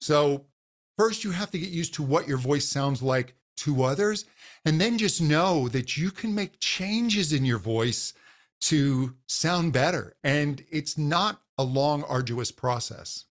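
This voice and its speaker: A man's voice: fairly high pitch, expressive, slow. A man, a voice coach guest on a podcast, patiently explaining how the voice works and demonstrating exercises.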